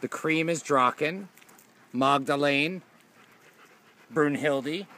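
A man filming his dogs for a casual video, switching between loud scolding and doting baby talk, with some casual swearing. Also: on the high side, slow pace, slight background noise. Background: dogs in the background.

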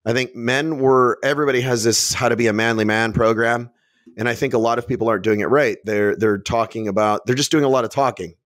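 A man's voice: medium pitch, steady tone, fast, fairly bright tone, no echo. A blunt, brash man talks on a podcast in a casual, swearing style. His voice sits mid-range, and he acts out the people he quotes. The sound is close and dry. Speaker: podcast guest, fitness business owner. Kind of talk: casual podcast interview talk.

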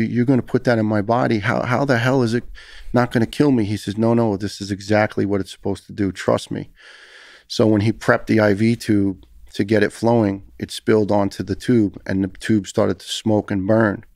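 A middle-aged man with a New York accent tells a hard personal story as a podcast guest. His voice is low and gravelly, and it stays fairly flat in pitch. It is recorded dry and close. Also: dry recording. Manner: earnest, emotional retelling with repeated restarts. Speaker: guest, former firefighter.

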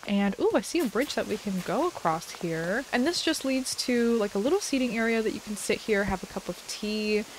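A woman's voice: medium pitch, brisk, few pauses, slight background noise. Gushing woman narrating a game tour. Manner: gushing, excitable, lots of "oh my goodness". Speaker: host touring game islands. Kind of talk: casual gameplay commentary.

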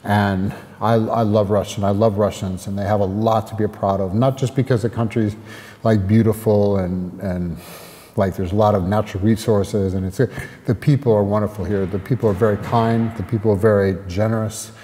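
A man's voice: on the low side, fairly even intonation, mellow, big-room sound. An American man talking earnestly as an interview guest, often restarting his sentences. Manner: earnest, halting, with many restarts. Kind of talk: casual interview talk.

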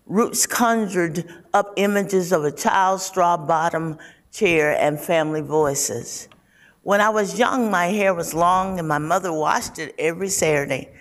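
A woman reading her own personal essay aloud in an unhurried, reflective way. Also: on the low side. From United States. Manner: unhurried, reflective reading with occasional soft laughs. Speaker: community writer.

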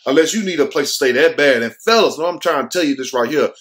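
A man hosting his own commentary show, talking straight to his viewers in loose, joking street slang. His voice sits a little high for a man. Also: lively intonation, fast, a bit bright. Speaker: show host. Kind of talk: casual commentary on a viral video.

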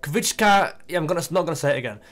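A young man chatting casually as he plays a football management game, thinking aloud and getting excited. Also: on the high side, racing. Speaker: gaming YouTuber. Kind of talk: casual gameplay commentary.

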